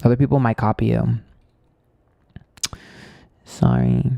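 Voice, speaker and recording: A man's voice: medium pitch, a little fast, smooth, no echo. A man reading tarot on a live stream, chatting casually, blunt and candid, ranting with swearing and lots of fillers.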